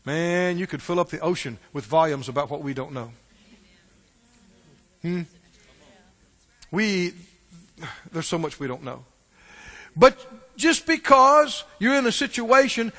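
Male preacher, folksy and animated, swooping lively pitch, long hall echo. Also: unhurried, long pauses. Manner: animated, folksy, chuckling asides. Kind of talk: sermon.

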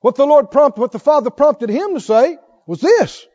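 A man preaching a sermon, emphatic, swinging from loud exhortation to hushed intensity. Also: extremely high pitch, very animated, normal speed. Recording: dull lo-fi sermon recording.

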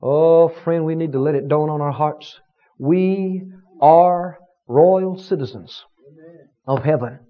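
Fervent high-pitched preacher man. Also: takes it slowly, phone-quality sound. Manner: fervent, rising to shouted repeated phrases. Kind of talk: sermon.

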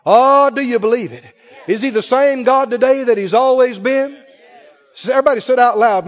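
With a very high voice at a moderate pace, a male pastor preaches in a church sanctuary full of people, emphatic and acting out those in the story. Audio is dull, with the hall's echo clearly present.

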